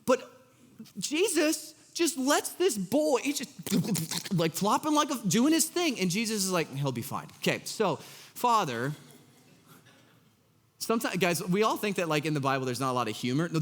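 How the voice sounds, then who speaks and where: This pastor speaks at a moderate pace in a high voice, his casual, joking sermon echoing through a large church hall. Animated and filler-heavy, he acts out characters from scripture, giving Jesus's lines an exasperated tone.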